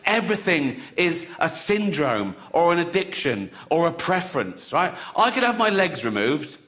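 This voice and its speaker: A man's voice: fairly high pitch, very animated, normal speed, a bit bright. An English man performing a sardonic stand-up routine, acting out characters and often laughing at his own jokes. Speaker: stand-up comedian.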